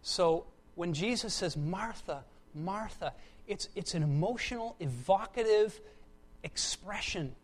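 A preacher delivering a sermon, repeating words for emphasis and moving between loud, pressing stretches and hushed, quiet ones. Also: medium pitch, lively intonation, a little slow.

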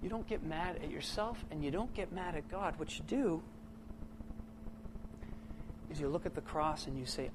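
A middle-aged man preaching a sermon to his church, impassioned, swinging from loud bursts to hushed, quiet lines. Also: on the high side, moderate pace, long pauses, noisy background.

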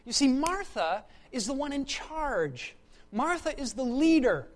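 Preacher in mid-sermon, emphatic and repetitive, dynamic from forceful to hushed. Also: a little slow. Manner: expressive, swings between loud emphasis and hushed lows; repeats words for emphasis.

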